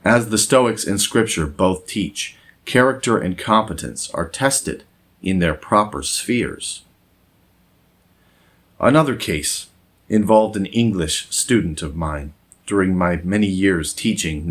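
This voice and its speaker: A man reading a moralizing essay aloud in a measured, deliberate scripted narration. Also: deep voice. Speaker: essayist and former English teacher.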